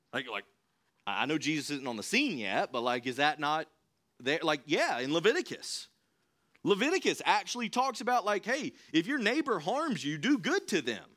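A young man preaching a sermon in a church, in a conversational, animated way. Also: fairly high pitch. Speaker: pastor. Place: church sanctuary.

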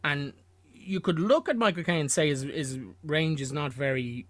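A man's voice: on the high side, normal speed, fairly bright tone, no echo. A man hosting a casual film podcast, talking in a rambling way with restarts and laughs. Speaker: podcast host.

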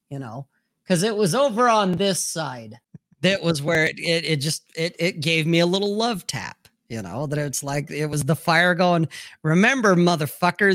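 Male co-host, casual chat, profane rambling storyteller; tense, slightly high voice. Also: a bit bright, no room sound, studio quality.

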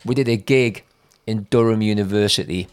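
An older man with a slightly low voice tells long, rambling stories in a relaxed podcast chat. He is a comedian guest, and his anecdotes are full of fillers and restarts. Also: normal speed, clean tone. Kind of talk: casual storytelling chat.

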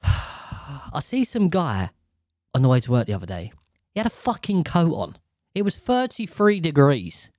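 A man's voice: a little high, wildly swooping pitch, a little slow, long pauses, a little mellow, no echo, clean studio sound. A man hosting a podcast alone, rambling casually with lots of swearing, slang and jokes while he sits sweating in a hot little room. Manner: profane, joking, slangy. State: sweaty and overheated. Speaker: podcast host. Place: small hot room indoors.

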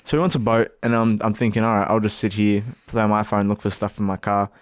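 A man's voice: fairly low pitch, flat delivery, fast talker. A man co-hosting a casual podcast, telling a story with lots of laughter and swearing, close to a podcast mic. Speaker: podcast co-host. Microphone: studio podcast mic, close.

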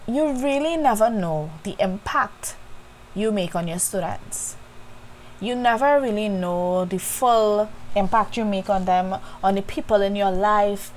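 A woman's voice: medium pitch, a little slow, slight background noise, low-quality recording. A woman hosting a reflective faith podcast, talking candidly and directly to her listeners. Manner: candid, conversational, addresses listeners as y'all. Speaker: podcast host.

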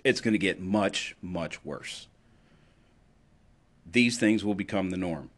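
A man delivering an impassioned political monologue, emphatic and sarcastic, swinging between loud declarations and low asides. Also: slow pace. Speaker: political commentator.

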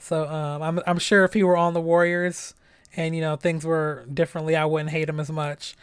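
Young male podcast host, loose profane rambler, smooth higher voice. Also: little pitch movement, moderate pace, no room sound, clean studio sound. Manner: loose and chatty, profane, lots of fillers and asides. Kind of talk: casual solo political podcast.

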